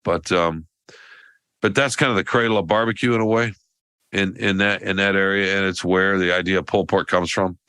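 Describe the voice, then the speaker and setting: A deep-voiced man talks casually on a podcast, telling a meandering story. He often restarts his sentences and wanders off track. The sound is close and dry, with no room echo. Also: steady tone, a little fast, bright, forceful tone, clean tone. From American South. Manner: rambling storyteller with many restarts. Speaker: podcast co-host. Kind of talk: casual chat.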